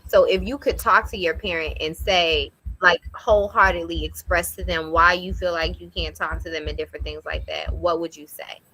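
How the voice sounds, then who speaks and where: A young woman talks earnestly in a casual discussion, her voice lowish yet bright. The sound is close and dry. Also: steady tone, normal speed, hardly any pauses, no room sound, rough recording. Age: young adult. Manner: earnest, conversational.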